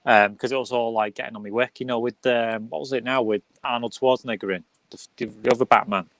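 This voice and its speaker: A man's voice: medium pitch, fairly even intonation, fast talker. A young man with a Liverpool accent hosting a casual film discussion, full of jokey, teasing banter. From England. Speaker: host.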